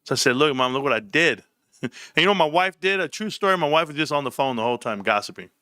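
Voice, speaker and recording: A man hosting a casual livestream from home, talking in an animated, rambling way with casual swearing. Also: on the high side, fast talker, no room sound, clean studio sound. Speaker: livestream host.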